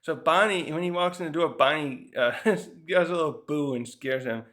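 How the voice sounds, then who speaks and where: A man casually reviewing a manga chapter, thinking out loud and often restarting his sentences. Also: a little high, normal speed.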